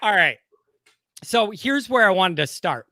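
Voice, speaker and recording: Bright-voiced man with a Chicago accent. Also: sits high, lively intonation, measured pace, no room sound, clean studio sound. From Midwest US. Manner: conversational, steering the topics. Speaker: show co-host. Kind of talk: casual sports talk.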